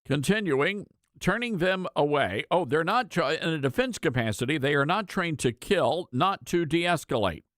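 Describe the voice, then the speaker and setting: Animated, sarcastic radio talk host man. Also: fairly high pitch, moderate pace, hardly any pauses, no echo, studio quality. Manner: sarcastic, mocking asides, reads quotes aloud. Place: radio studio. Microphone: studio microphone.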